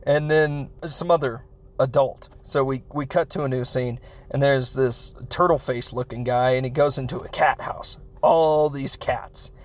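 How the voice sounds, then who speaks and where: A man's voice: mid-range voice, steady tone, measured pace. A man hosting a podcast, recapping a film in a rambling, self-interrupting way and laughing as he talks. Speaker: podcast host reviewing a film. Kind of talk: casual comedic film recap.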